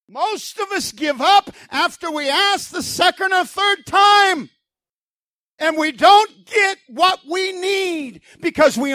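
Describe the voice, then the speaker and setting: A man's voice: extremely high pitch, bright, forceful tone, no room sound, studio quality. A man preaching a sermon in a fervent, emphatic style, asking the congregation rhetorical questions.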